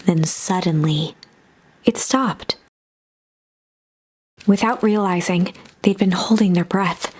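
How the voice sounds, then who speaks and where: A woman's voice: on the low side, slow, long pauses, darkish tone, slightly rough. Female narrator reading game story text, storybook delivery.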